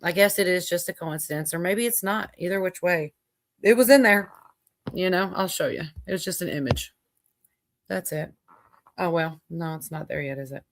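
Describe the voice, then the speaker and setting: A woman's voice: on the low side, moderate pace. A woman hosting a casual livestream chat, rambling with lots of fillers and frequent laughter. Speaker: livestream host.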